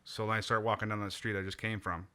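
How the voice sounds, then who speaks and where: A man's voice: on the low side, little pitch movement, fast, sharp tone. A man in his thirties from Nova Scotia in Canada, a comedian guest telling a rambling, laughing story on a podcast and swearing freely.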